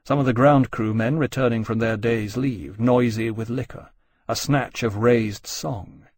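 Husky male audiobook narrator. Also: mid-range voice, fairly even intonation, a little slow, darkish tone. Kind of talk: scripted narration.

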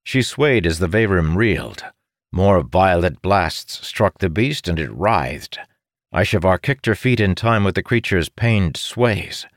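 A man reading a fantasy story aloud in scripted, measured narration. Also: low voice, animated, no room sound, studio quality. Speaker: audiobook narrator.

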